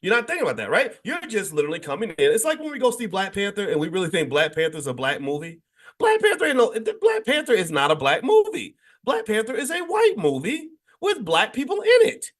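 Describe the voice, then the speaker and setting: A man hosting a morning finance show in casual livestream talk, animated and rambling, full of restarts and sudden jumps in pitch. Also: fairly quick. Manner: conversational, addresses the audience directly.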